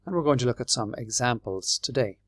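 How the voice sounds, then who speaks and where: A man with an Irish accent teaching English, explaining patiently and clearly and spelling words out letter by letter. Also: mid-range voice, animated, a little fast, no room sound. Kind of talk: slow, clear classroom explanation.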